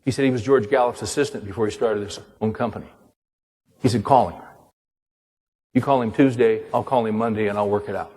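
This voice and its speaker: An older man preaching, telling a personal story in an animated way and acting out the dialogue. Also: fairly low pitch, fairly quick, long pauses, long reverb tail. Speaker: pastor and author. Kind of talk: sermon storytelling.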